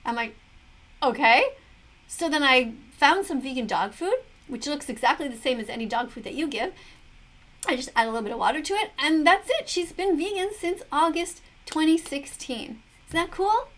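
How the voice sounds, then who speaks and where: A woman's voice: high voice, expressive, brisk, fairly bright tone. A middle-aged woman giving preachy, earnest commentary on a video, full of rhetorical questions. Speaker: vegan commentator reacting to a video. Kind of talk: casual commentary to camera.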